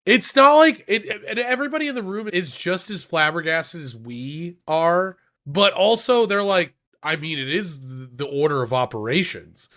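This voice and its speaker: A man's voice: a little high, expressive, moderate pace, few pauses, a bit bright. Man co-hosting with joking asides. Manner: jokey, plugs his stream. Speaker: podcast co-host. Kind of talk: casual chat.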